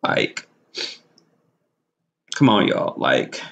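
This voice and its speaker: A man's voice: mid-range voice, measured pace, a bit bright. A man giving casual, slangy commentary, talking animatedly with lots of fillers and restarts. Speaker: commentary vlogger.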